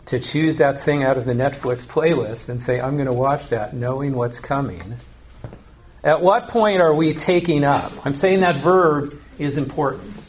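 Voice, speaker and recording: A man preaching a sermon, earnest and teaching, slowing down to stress key phrases. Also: mid-range voice. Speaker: pastor.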